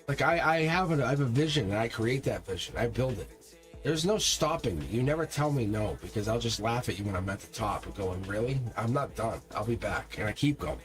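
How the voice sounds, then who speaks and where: A man's voice: mid-range voice, fairly quick. A man giving a live tarot reading, talking emphatically and directly to his viewers. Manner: energetic, emphatic, talks straight to viewers. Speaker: tarot reader. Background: faint music.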